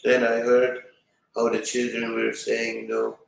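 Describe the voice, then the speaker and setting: Slow, gravelly-voiced man streaming. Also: mid-range voice, monotone, heavy reverb, distant mic, rough recording. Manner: rambling, fills with "you know". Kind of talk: casual storytelling to viewers.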